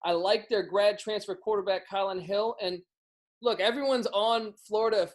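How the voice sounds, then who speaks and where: A man appearing as a guest over a video call, talking sports picks quickly and casually, often restarting his sentences. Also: high voice, fairly even intonation. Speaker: sports betting podcast guest. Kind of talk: casual sports betting talk.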